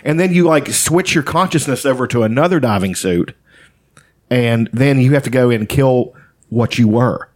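A man chats casually in a mid-range, slightly mellow voice at a moderate pace. His storytelling rambles, loose and profane, packed with fillers like "like" and "you know."

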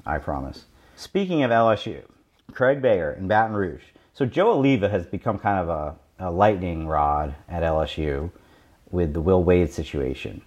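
A man with a very deep voice reads listener mail on a podcast. His reading is measured and conversational. The sound is slightly muffled and dull, as if over a lower-quality line. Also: lively intonation, a little mellow. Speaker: podcast co-host.

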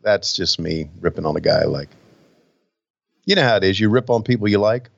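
An older man co-hosting a podcast, joking gruffly and swearing freely as he comments on old wrestling footage. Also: sits low, lively intonation, a little fast, no room sound, dull audio. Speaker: podcast co-host.

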